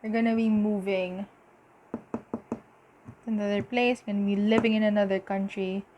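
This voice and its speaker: A woman giving a casual tarot reading, talking in halting bursts with lots of fillers and giddy laughter. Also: mid-range voice, little pitch movement, warm tone, muffled recording, slight background noise. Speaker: tarot reader.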